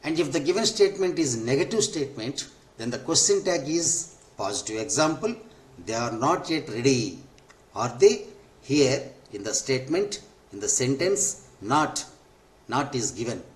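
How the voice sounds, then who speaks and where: A man's voice: mid-range voice, expressive. Man teaching grammar in an echoey room. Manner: repeats each point slowly, spells out forms. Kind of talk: explaining grammar lesson.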